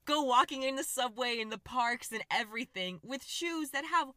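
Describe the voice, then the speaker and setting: A young woman in her twenties co-hosting a casual chat, emphatic and quick to chime in. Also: sits high, bright, forceful tone, dry recording, studio quality. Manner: emphatic, chimes in and repeats for effect. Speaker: podcast co-host.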